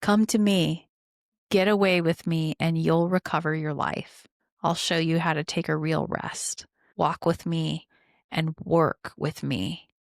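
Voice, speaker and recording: A woman co-hosting a podcast as a doctor, chatting casually and reading scripture passages slowly and deliberately. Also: low voice, steady tone, gravelly, no room sound, studio quality.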